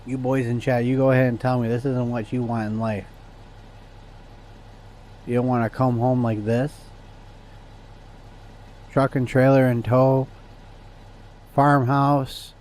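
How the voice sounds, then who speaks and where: A man's voice: medium pitch, little pitch movement, a little slow, long pauses, a little mellow, slight background noise. A man streaming a game, chatting casually and ranting to his viewers with plenty of swearing. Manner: profane, ranting to chat. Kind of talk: casual gameplay chat.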